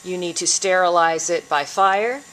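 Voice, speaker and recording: A woman giving a calm, step-by-step biology lab demonstration as an instructor. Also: lowish voice, unhurried.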